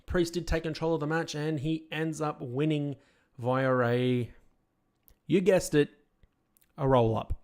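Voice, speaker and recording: A man's voice: on the high side, steady tone, unhurried, long pauses, a little mellow. A man hosting a podcast, giving casual review commentary in an opinionated, critical way that rambles with restarts. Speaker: podcast host.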